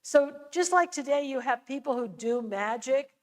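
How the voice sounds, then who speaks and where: An American woman with a high voice teaches an adult church class. She explains in a relaxed, conversational way and drops in casual asides as she goes. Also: normal speed, rough recording. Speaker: lecturer on scripture. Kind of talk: church adult-education lecture.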